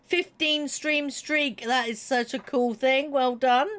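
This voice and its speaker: A woman's voice: high-pitched, fairly even intonation, slow pace, a bit bright. Chatty woman streaming a game. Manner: chatty, giggly, reads chat aloud. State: slightly froggy throat. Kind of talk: casual live-stream chat while playing.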